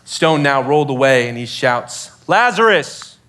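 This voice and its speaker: A man's voice: fairly high pitch, normal speed, fairly bright tone. A man preaching a sermon to students in a casual, conversational way, full of fillers and acted-out quotes. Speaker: youth pastor.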